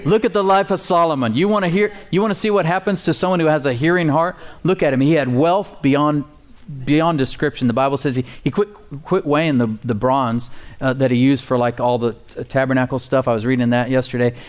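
A pastor of medium pitch talks fairly quickly through his sermon to a responding church congregation. The delivery is emphatic and casual, full of repeated key words, appeals for amens, fillers, and homespun asides.

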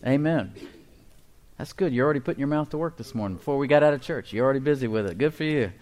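A middle-aged pastor preaching a sermon, leading his congregation in call-and-response and reading scripture slowly with emphasis, chuckling between points. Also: mid-range voice, a little mellow.

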